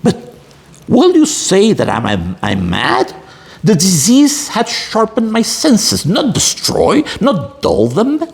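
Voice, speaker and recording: Gravelly guy teaching lit, reads aloud big and dramatic, pitch all over the place. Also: huge pitch swings, slow pace. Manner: theatrical, emphatic reading with wide swings. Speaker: literature teacher. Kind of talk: literature lesson with dramatic reading.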